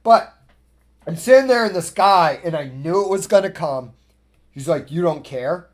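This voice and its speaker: Male podcast host, high-pitched voice, blunt and profane, ranting casual monologue. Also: animated, moderate pace.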